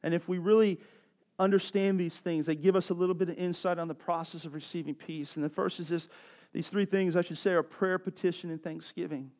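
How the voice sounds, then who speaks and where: A man's voice: sits high, fairly even intonation, a little fast, a little mellow. A man preaching a sermon as a pastor, impassioned and repeating phrases for emphasis.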